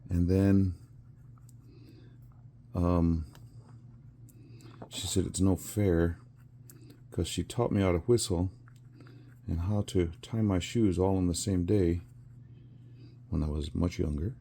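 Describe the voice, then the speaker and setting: A man's voice: sits low, fairly even intonation, slow pace, pauses often, dark tone, slight background noise. A man in his sixties telling a rambling story with chuckles and fillers while he works on a craft. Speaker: resin crafter.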